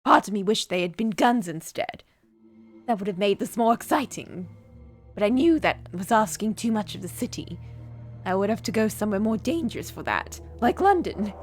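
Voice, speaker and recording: A woman reading as a cold, calm young man. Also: medium pitch, soft background music. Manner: even, measured reading of game text. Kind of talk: reading a game aloud on a live stream.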